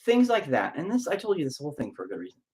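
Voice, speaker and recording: Candid, rambling man with lively pitch. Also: rapid-fire. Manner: rambling, candid, swears freely. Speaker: musician and lyricist. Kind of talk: casual personal monologue.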